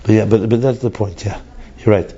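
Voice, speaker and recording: A man with a lowish, dark, mellow voice leads a study class. He reasons aloud, circling back and repeating words as he works through the text. The recording sounds dull and lo-fi, with a faint hiss behind him. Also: fairly even intonation, fairly quick, breathy edge. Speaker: teacher of a Chassidus class.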